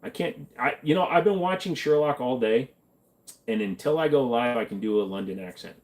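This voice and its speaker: A man hosting a livestream who chats casually through viewer questions. His replies are dry and joking, at a middle pitch and an everyday pace. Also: fairly quick. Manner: joking, deadpan, answers questions from chat. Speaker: livestream host. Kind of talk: casual livestream chat reading comments.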